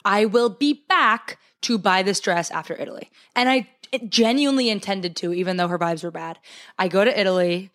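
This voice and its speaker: A woman co-hosting a podcast in casual chat, telling a story and acting out quotes in high, excited voices. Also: normal speed, dry recording. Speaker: podcast co-host.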